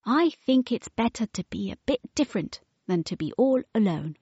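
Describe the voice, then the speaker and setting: A woman voicing a lonely, shy male hermit crab who talks quietly and gently. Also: fairly high pitch, big pitch swings, normal speed, husky, dry recording, lo-fi sound, voice pushed up, heavily acted. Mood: gentle.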